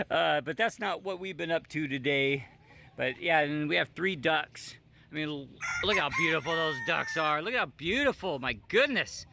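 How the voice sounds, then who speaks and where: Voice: medium pitch, expressive, measured pace, gravelly, bright, forceful tone, a little hiss or hum. A vlog host reacting to clips in a casual, mocking way, often laughing.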